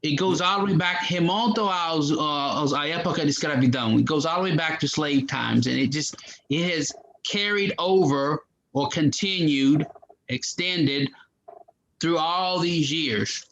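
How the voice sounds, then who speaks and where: A man with a fairly high voice explains things patiently in a casual chat. He slips in Portuguese words as he goes. The call audio sounds dull and lo-fi, with a faint hiss behind him. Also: unhurried, a bit bright. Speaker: native-speaker conversation partner. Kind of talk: casual conversation.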